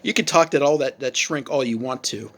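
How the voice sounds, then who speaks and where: A harsh, scolding mother lecturing her teenage daughter in a storytelling video, as a male narrator puts her on. She talks loud and pushy, in a mid-pitched voice. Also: fairly quick, lightly acted. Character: angry scolding mother of a teen.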